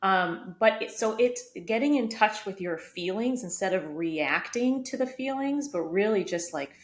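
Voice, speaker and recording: A woman's voice: mid-range voice, animated, normal speed. Reflective woman podcaster in an echoey room. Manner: reflective, open, uses many fillers like "like". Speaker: podcast co-host. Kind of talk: casual conversational storytelling. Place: home room, vacuum running outside the door. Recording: echoey room, faint background noise.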